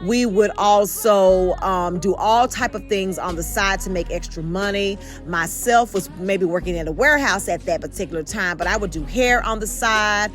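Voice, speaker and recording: A woman home vlogger telling a storytime tale, animated and addressing viewers directly. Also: mid-range voice, normal speed, hardly any pauses, soft background music. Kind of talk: storytime vlog.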